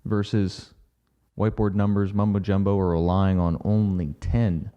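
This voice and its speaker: A man's voice: low-pitched, flat delivery, normal speed, clear, resonant tone, dull audio. A man co-hosting a casual podcast, giving direct, practical advice. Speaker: podcast co-host.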